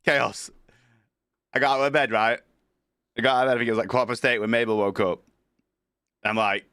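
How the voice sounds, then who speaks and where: A man's voice: medium pitch, fairly even intonation, fast, long pauses, fairly bright tone, dry recording, clean studio sound. A man streaming from home with a worsening cold, chatting casually, greeting viewers by name and swearing freely. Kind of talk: casual livestream chat.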